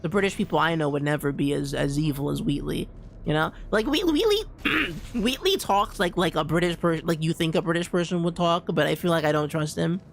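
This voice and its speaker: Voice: medium pitch, fairly quick, gravelly, slight background noise. A game streamer giving casual gameplay commentary, rambling with lots of restarts and repeats and an easy "dude" here and there. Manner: calls people "dude".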